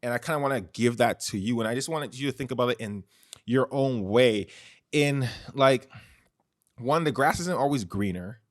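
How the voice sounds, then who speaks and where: A man's voice: medium pitch, normal speed, no room sound, studio quality. A man hosting his own podcast in a loose, chatty monologue, full of "like" and "you know". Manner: chatty, heavy use of "like" and "you know", restarts. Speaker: podcast host. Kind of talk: casual solo podcast monologue. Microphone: close studio microphone.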